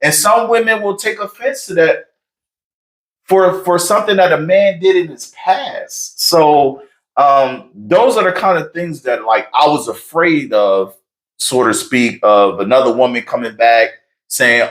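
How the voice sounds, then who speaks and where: A high-energy man, telling stories animatedly in a casual conversation about his marriage, with loud bursts. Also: slow pace, rough recording. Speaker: married guest on relationship talk.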